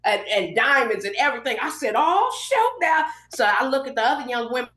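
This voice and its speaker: A middle-aged Los Angeles woman, appearing as a podcast guest, tells a story quickly in a fairly high voice. She animatedly performs everyone's quoted lines in this casual storytelling interview, recorded in a roomy, echoey podcast room.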